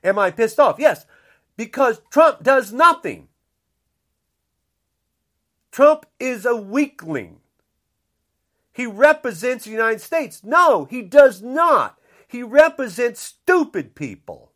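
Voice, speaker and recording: A man's voice: very high-pitched, very animated, takes it slowly, pauses often, a bit bright. An older man delivering an angry, blunt rant, repeating himself and saying how upset he is. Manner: indignant, repetitive, blunt.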